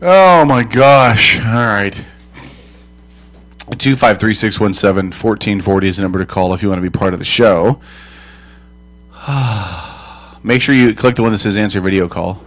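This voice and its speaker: A man's voice: lowish voice, moderate pace, pauses often, fairly bright tone. A man co-hosting a casual online call-in chat, teasing the others and laughing often. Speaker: co-host.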